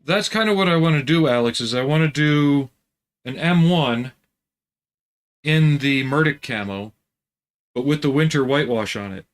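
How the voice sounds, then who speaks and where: A man's voice: on the high side, normal speed, long pauses. Easygoing man chatting on a livestream. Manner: relaxed, chatty, answers viewer comments while working. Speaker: livestream host building scale models. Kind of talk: casual livestream chat.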